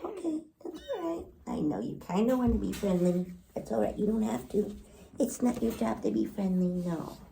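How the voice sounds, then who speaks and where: A woman filming her kittens at home, talking to them in soft, soothing baby talk. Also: medium pitch, normal speed, gravelly, a little hiss or hum. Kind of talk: casual home video, talking to pets.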